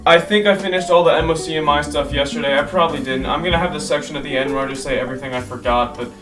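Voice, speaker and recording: A man's voice: on the high side, racing, far from the mic, music in the background. A teenage boy recapping a trip in a casual vlog, rambling, correcting himself and gushing about what he saw. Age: teens. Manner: rambling, self-correcting, enthusiastic. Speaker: vlogger.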